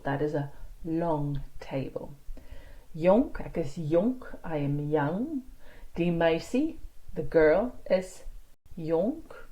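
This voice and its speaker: Woman tutor, lowish voice, slow deliberate delivery, explaining grammar step by step. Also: animated, warm tone, poor audio. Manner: explanatory, slow careful word examples with quick asides. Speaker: language teacher. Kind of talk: online language lesson.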